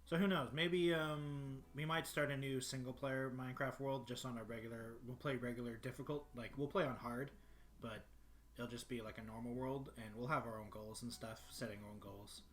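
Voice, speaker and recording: A man with a deep voice chatting casually on a livestream, rambling and often clearing his throat. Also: fairly even intonation, normal speed, fairly bright tone. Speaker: streamer. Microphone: desktop microphone.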